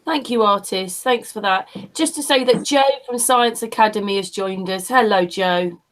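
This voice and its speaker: Woman, host, casual video chat, friendly, introduces guests, mid-pitched voice. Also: normal speed, a bit bright, poor audio. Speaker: hangout host. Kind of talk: casual group video call. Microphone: video call.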